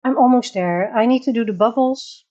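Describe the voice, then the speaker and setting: A woman's voice: a little high, normal speed, warm tone, dull audio. A woman with a Dutch accent hosting a casual coloring livestream from her bedroom, chatting, laughing often and greeting viewers by name. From Netherlands. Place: home bedroom.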